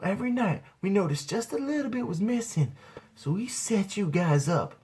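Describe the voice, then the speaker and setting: A man's voice: high voice, lively intonation, a little hiss or hum, pitched above the performer's own voice. A man voicing an angry old grandmother who has caught kids stealing her weed, in a shrieking, scolding voice. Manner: shrieking, scolding, drawn-out yells.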